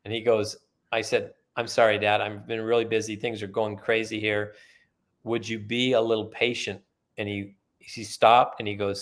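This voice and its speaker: A retired middle-aged man being interviewed, telling relaxed, anecdotal stories with many fillers. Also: on the low side, moderate pace. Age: middle-aged or older, retired. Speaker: guest, author and former company sales leader. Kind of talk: conversational storytelling.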